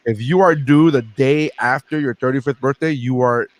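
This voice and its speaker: A man in his thirties, a comedian hosting a podcast, telling stories in a profane, animated way. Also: mid-range voice, normal speed, dry recording. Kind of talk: casual podcast chat.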